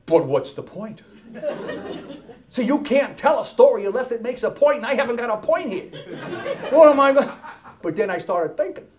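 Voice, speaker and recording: A man telling a comic story on stage as a keynote speaker, wisecracking and animated, dropping into hushed asides. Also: extremely high pitch, normal speed, a crowd in the background. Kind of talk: stand-up comedy storytelling. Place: stage before a live audience.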